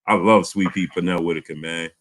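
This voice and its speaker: A man hosting a casual live boxing chat, animated, often repeating words. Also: deep voice, a little fast, crowd noise. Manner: animated, repeats words, reads super chats aloud. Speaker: boxing channel host.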